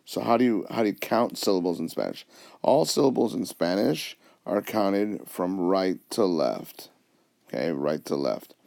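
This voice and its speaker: Low gravelly man teaching a lesson. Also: expressive, measured pace, darkish tone, no room sound, studio quality. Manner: patient, explains step by step, mixes English and Spanish. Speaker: Spanish teacher. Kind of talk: whiteboard lesson narration.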